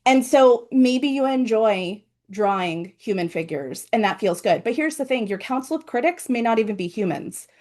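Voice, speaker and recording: A chatty woman author presents her book on a video call, her voice sitting a little high. She talks in an animated, casual way and drops in playful asides. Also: moderate pace, hardly any pauses.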